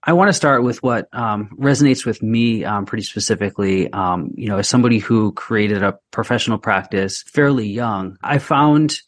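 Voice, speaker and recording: A man co-hosting a podcast, introducing a guest and asking questions in a measured way. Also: fairly low pitch, dry recording. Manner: measured, with many fillers. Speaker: podcast co-host. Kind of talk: interview conversation.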